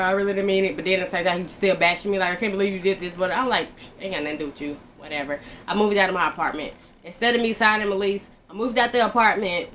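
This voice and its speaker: A woman's voice: medium pitch, a bit bright, slight background noise. A woman talking casually into the camera, telling a personal story in a loose, offhand way, trailing off and backtracking to recall details.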